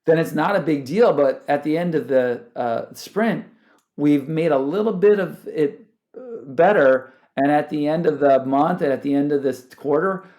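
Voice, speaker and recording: A man's voice: fairly high pitch, moderate pace. Chatty man answering interview questions. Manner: animated, self-interrupting, laughs often. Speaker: guest, startup founder. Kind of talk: conversational interview.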